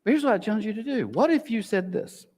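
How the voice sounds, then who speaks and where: A man preaching a sermon as pastor, animated, sometimes acting out a whispering inner voice. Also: high-pitched, quick pace. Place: large church auditorium. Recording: long hall reverb.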